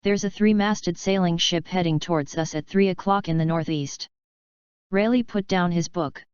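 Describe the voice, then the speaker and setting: A woman reading a fanfiction audiobook aloud in a steady, even narration. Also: lowish voice, moderate pace, smooth, dry recording, lo-fi sound. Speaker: audiobook reader. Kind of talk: scripted narration.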